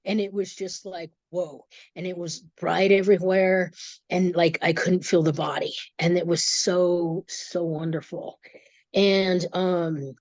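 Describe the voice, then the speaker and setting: A woman, a guest in an interview, telling a personal story with emotion, halting and restarting often. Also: on the low side, fairly even intonation, darkish tone, no room sound, dull audio. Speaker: guest, energy reader.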